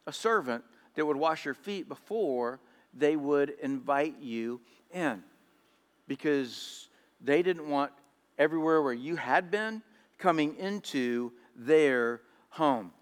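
In an echoey church hall, a male pastor delivers a storytelling sermon slowly and expressively. His voice is fairly high, and he frequently repeats words as he speaks.

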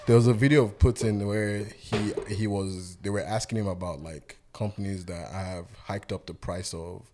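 Male podcast co-host, deep voice, easygoing and quick to laugh. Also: background noise. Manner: relaxed, laughs often, loose fillers. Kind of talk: casual group chat.

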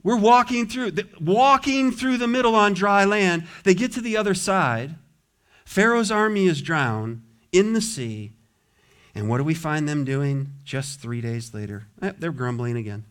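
A man preaching a sermon in a church, lively and often acting out the voices of a grumbling crowd. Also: high voice, unhurried. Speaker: pastor. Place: church sanctuary.

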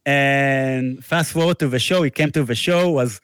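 A man's voice: medium pitch, moderate pace, fairly bright tone, clear, resonant tone, no room sound, clean studio sound. A man, a musician guest, telling a long casual anecdote with restarts and laughter. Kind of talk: casual storytelling interview.

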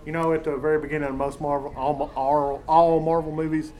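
A man's voice: on the high side, little pitch movement, fast, darkish tone. A man, co-hosting a casual chat, blunt and opinionated, often restarting sentences. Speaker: podcast co-host. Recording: faint background noise.

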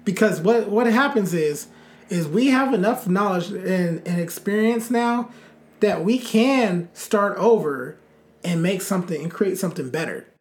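A man's voice: high-pitched, animated, a little slow. A man co-hosting a casual chat, talking bluntly and emphatically, with profane and fiery rants.

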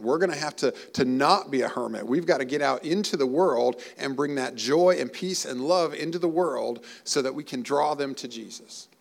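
Gravelly earnest male preacher. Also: medium pitch. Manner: earnest, emotional preaching with rising emphasis. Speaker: pastor. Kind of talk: sermon.

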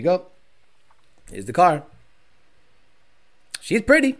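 A man's voice: high-pitched, very animated, slow pace, long pauses, fairly bright tone. A young man hosting a casual car-tuning livestream. He answers viewer questions bluntly and profanely, makes jokes, and mocks others in put-on voices.

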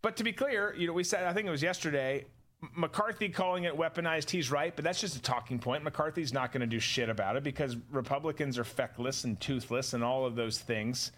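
A man's voice: a little high, a little fast, fairly bright tone. A man hosting a political talk show, scornful and rambling, with many restarts. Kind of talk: opinionated political commentary.

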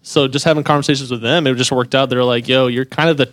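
A man's voice: mid-range voice, steady tone, fast, fairly bright tone, no room sound. Man, guest in a chat show. Loose, rambling delivery in a dry room. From California. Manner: rambling, filler-heavy. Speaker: guest, a glover. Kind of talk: casual interview chat.

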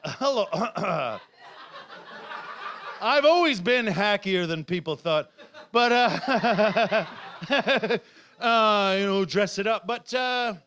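A middle-aged man from Canada performs stand-up with an unusually high voice. He rambles, shouts lines for effect and laughs through his own bits. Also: takes it slowly, a little hiss or hum. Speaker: stand-up comedian. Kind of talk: live stand-up set. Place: comedy club stage.

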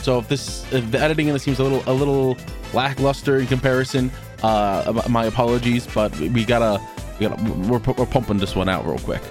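A man's voice: medium pitch, brisk, music in the background. A man hosting a casual podcast chat, upbeat, laughing often and tripping over his words. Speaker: podcast host.

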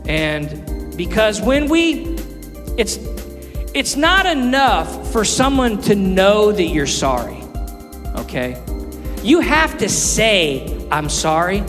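A man preaching a sermon, earnest, rising to loud emphasis and dropping to soft, quiet lines. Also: high voice, big pitch swings, slow pace. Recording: long hall reverb with faint music.

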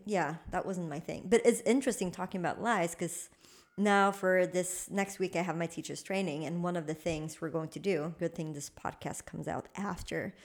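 Low-voiced reflective woman co-host. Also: steady tone, moderate pace. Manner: thoughtful, reflective, frequent affirming murmurs. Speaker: podcast co-host and trainer. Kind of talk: casual chat.

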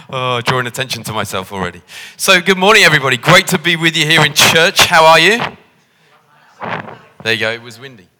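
A man's voice: medium pitch, sharp tone. A man with a Liverpool accent, preaching a jokey, conversational sermon into a handheld microphone in a church. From Liverpool, England. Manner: jokey, self-deprecating, conversational. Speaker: visiting preacher. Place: church hall. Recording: reverberant church hall.

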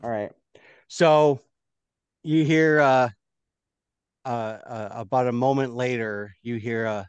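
A man narrating as game master, halting and full of fillers. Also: medium pitch, smooth, dry recording.

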